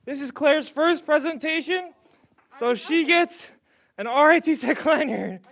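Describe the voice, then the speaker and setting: A man out of breath, an event organizer speaking loudly and excitedly to an audience. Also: very high-pitched, unhurried, vocal fry, a little hiss or hum. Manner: excited, loud.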